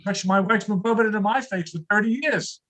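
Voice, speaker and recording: An older man doing a stand-up comedy routine over a video call, delivering deadpan one-liners about his home life. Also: high voice, fast talker, low-quality recording.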